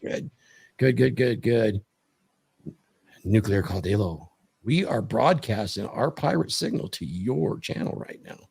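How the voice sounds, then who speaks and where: A man's voice: on the low side, expressive, a little slow, vocal fry, a little mellow, husky. A man hosting a livestream, joking, laughing and welcoming guests in casual chat. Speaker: livestream host.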